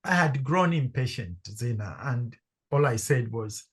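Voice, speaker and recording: A middle-aged man from Zambia, a podcast guest telling a personal story with lively acted-out dialogue. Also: mid-range voice, a little slow, breathy edge. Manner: animated storyteller acting out quoted voices. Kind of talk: storytelling in conversation.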